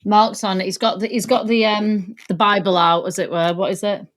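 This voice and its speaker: A woman's voice: mid-range voice, flat delivery, a little fast. A woman co-hosting a podcast in casual chat, blunt and given to explaining her reasons at length. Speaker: podcast co-host.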